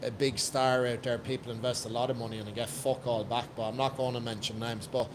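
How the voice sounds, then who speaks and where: A man's voice: medium pitch, level tone, fast talker, slight background noise. Blunt, profane Irish man. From Ireland. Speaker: podcast guest, coach. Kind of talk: casual podcast chat.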